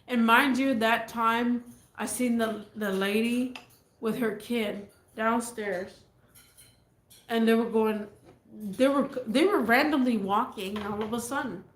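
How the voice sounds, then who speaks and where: A woman's voice: on the high side, steady tone, slow, slight background noise. A woman telling a casual storytime vlog, rambling and repeating herself as she goes, in an echoey room. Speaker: vlogger.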